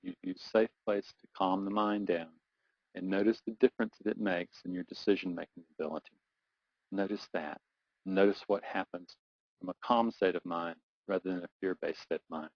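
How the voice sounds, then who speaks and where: A middle-aged man, a performance coach, leading a guided visualization exercise, talking slowly and soothingly, repeating phrases and building up to urgency. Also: low voice, fairly even intonation, no echo. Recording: dull lo-fi dry recording.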